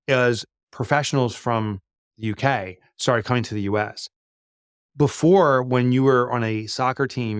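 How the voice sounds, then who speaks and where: Middle-aged man, mid-pitched, loose and talky with lots of "uh"s, recorded close and dry. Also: no echo. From United States. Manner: chatty, frequent fillers and restarts. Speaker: guest, business author. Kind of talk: conversational interview answers.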